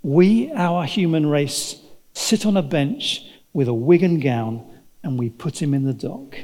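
Dramatic preacher in a reverberant hall. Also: male voice, fairly high pitch, animated, measured pace, a little mellow. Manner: dramatic storytelling, acts out the voices of the story. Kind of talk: sermon.

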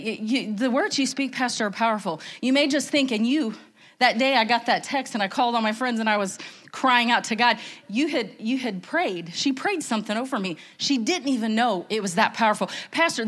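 A middle-aged woman giving a candid, emotional church testimony, rambling with restarts. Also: sits high. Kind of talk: testimony sermon.

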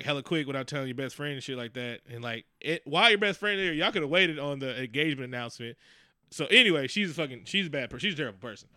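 Guy with a kinda high bright voice going off cussing about movies, super animated, dry sound. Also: clean tone, no room sound. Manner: profane, animated, rants with mock quotes. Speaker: podcast co-host. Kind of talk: casual movie chat.

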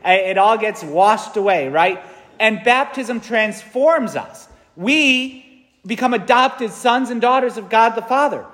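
A fairly high-pitched man in his thirties preaches a homily in an earnest, conversational way, often tossing in a quick "right?". His voice carries a long reverb from the large church around him. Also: animated, fairly bright tone. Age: 30s. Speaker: priest. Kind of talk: sermon.

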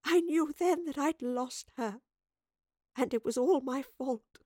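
A woman voicing an older female professor, gentle and guilt-ridden, speaking softly and tearfully. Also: high-pitched, slow, dry recording, clean studio sound, voice pushed up. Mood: grieving. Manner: soft, tearful, hushed. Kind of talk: audiobook character voice.

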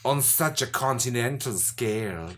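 Pompous French heroine-politician, grandstanding, lively swooping delivery, put on by a man. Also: mid-range voice, unhurried, pitched below the performer's own voice. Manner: mock French exclamations, grandstanding. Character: pompous French woman politician turned superhero.

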